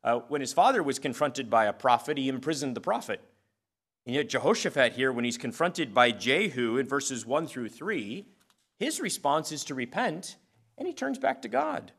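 A man's voice: mid-range voice, big pitch swings, moderate pace, vocal fry, fairly bright tone, husky. A man preaching a sermon as pastor, earnest, reading scripture aloud with occasional fillers.

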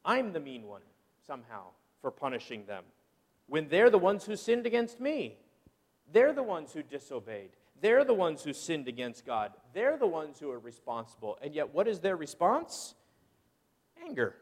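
A middle-aged pastor preaching with a high, lively voice that swings widely in pitch. He acts out people's excuses in quoted voices, and his words ring with the long reverb of a church hall. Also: moderate pace. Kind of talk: sermon.

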